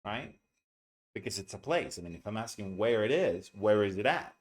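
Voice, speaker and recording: A man's voice: fairly low pitch, expressive, normal speed. Chatty, blunt male English teacher. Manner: chatty, with frequent "right?" and "okay?"; blunt, opinionated asides. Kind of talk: online lesson, explaining a reading text.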